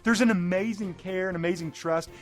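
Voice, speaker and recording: A middle-aged man giving a motivational talk as a life coach, animated and often acting out scenes in excited bursts. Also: sits high, fairly quick, soft background music.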